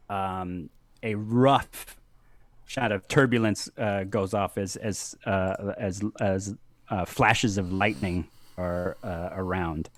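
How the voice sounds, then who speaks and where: Brief: male game master, slow unhurried delivery, fillers and pauses, dry close sound. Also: lowish voice, no room sound. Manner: halting, many ums and uhs, laughs often. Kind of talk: narrating a tabletop wrestling game.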